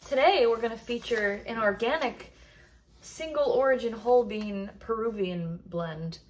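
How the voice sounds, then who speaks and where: A woman's voice: fairly high pitch, measured pace, slight background noise. A woman co-hosting a casual podcast from her home kitchen, laughing often and swearing casually. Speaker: podcast co-host. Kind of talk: casual chat.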